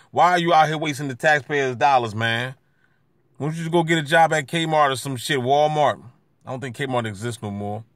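Male street vlogger, handheld camera, slangy jeering commentary, mid-pitched, close and dry sound. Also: no room sound. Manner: taunting, slangy, swings from mutters to loud jeers. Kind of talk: casual running commentary to camera. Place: outdoors by a street.

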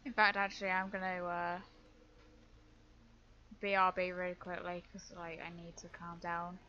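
A woman's voice: fairly low pitch, completely flat delivery, moderate pace, sharp tone, muffled recording. A woman streaming a video game who talks to herself as she plays, swearing often and sounding frantic and frustrated. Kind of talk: live gameplay commentary. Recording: clear background noise.

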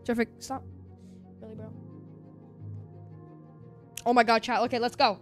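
A man with a high, youthful-sounding voice, chattering casually to his viewers during a live game stream and bursting into loud excited outbursts. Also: normal speed, soft background music. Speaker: game livestreamer.

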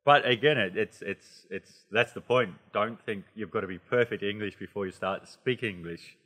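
A man with an Australian accent giving a casual, chatty English lesson, animated and playful, with many asides. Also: lowish voice, moderate pace, big-room sound. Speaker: English teacher.

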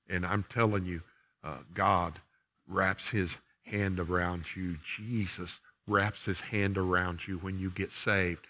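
A man's voice: deep voice, a bit bright. An older man, a pastor preaching a sermon and then praying, emphatic and repeating phrases for emphasis. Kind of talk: sermon and closing prayer. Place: church sanctuary.

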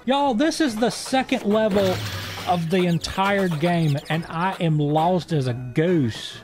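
A man's voice: sits high, takes it slowly, over music. A young man streaming a video game, delivering sarcastic, profane, wisecracking commentary as he plays. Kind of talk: let's-play commentary.

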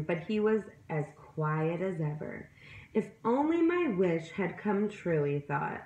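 A woman reading a picture book aloud to children, voicing animal sounds and asking her listeners questions. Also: medium pitch. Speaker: storyteller. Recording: roomy echo.

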